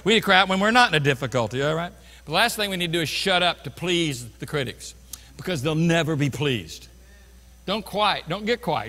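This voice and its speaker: A pastor in his fifties preaching a sermon, swinging from quiet storytelling to loud crying out. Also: high voice. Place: large church sanctuary. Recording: long hall reverb in a church.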